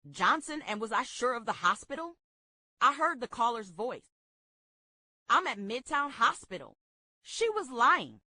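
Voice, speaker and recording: A woman reading a memoir aloud at a book club in a steady, expressive way. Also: on the high side, dry recording.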